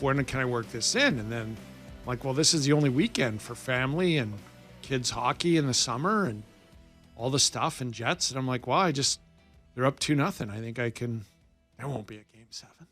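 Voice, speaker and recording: A man's voice: medium pitch, moderate pace, soft background music. A man in his forties from Alberta, co-hosting sports radio and telling a long story in a casual way, acting out the quotes. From Alberta, Canada. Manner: animated, acts out quoted dialogue.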